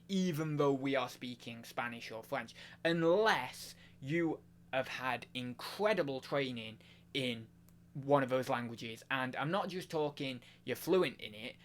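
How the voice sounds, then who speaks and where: A man's voice: mid-range voice, fairly bright tone, slight background noise. A man chatting casually on a live stream, rambling with lots of fillers and restarts.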